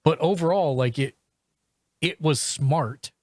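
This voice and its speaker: Halting man on a dry mic. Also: fairly high pitch, darkish tone, no room sound. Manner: halting, full of restarts and fillers. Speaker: podcast host. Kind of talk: casual chat reviewing shows.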